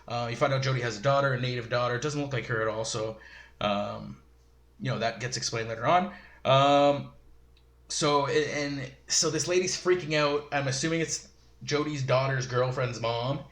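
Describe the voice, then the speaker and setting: A show reviewer gives a rambling, casual recap of an episode, full of fillers and chuckling asides. His voice is medium in pitch and a bit bright at normal speed, and the recording has a roomy echo.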